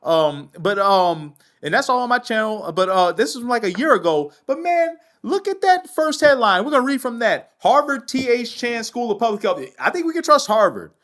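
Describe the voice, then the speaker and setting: Loud, heated male political ranter. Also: extremely high pitch, very animated, moderate pace, few pauses. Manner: heated, profane ranting. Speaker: political commentary host. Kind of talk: angry commentary, reading articles aloud.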